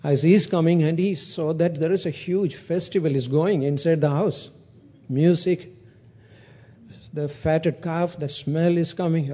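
A man's voice: on the high side, dark tone. A man preaching a sermon, retelling a parable with acted-out dialogue and frequent restarts.

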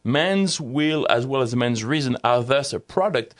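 A man's voice: mid-range voice, animated, measured pace. French-accented man in thoughtful talk. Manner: thoughtful, reads quotes aloud with running commentary. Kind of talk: casual discussion.

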